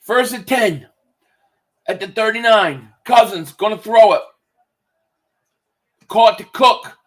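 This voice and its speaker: Streaming indoors at home, this Philadelphia-area man gives football play-by-play and loose chat with his viewers, reading their messages aloud and cursing occasionally. His voice sits high, and he talks at a slow pace, excitable and loose.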